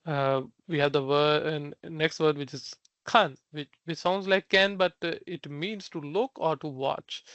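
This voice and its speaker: Young man, teacher recapping a lesson, smooth resonant voice, fairly high pitch, slightly muffled dry recording. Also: a bit bright, dry recording. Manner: hesitant, many fillers and restarts. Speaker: language teacher.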